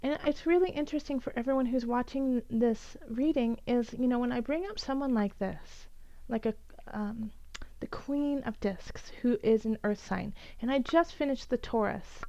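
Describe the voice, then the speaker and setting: A woman's voice: a little high, moderate pace, dark tone, no room sound, highs cut off. A woman giving an earnest, encouraging tarot reading for each zodiac sign, with many fillers and restarts. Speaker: tarot reader.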